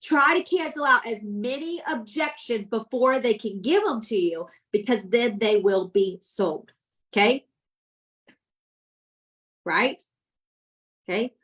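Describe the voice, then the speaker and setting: Teaching sales tips to her team, a woman with a fairly high voice takes her time, leaving long pauses. She's energetic, goes over points more than once, and asks "does that make sense?" to make sure all follow, on a low-quality recording.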